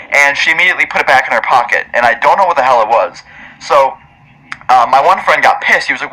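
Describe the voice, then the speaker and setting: Bright-voiced, foul-mouthed young man. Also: mid-range voice, animated, quick pace, poor audio. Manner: profane and chatty, many fillers and asides. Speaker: storytime vlogger. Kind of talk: casual storytelling to camera.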